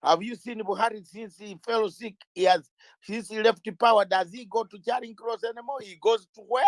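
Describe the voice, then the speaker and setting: A middle-aged man with a notably high-pitched voice holds forth in an interview like a lawyer making a case. He speaks emphatically, stacks up rhetorical questions and repeats key words. The sound is dry, with almost no room echo. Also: steady tone, normal speed. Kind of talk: impassioned interview talk.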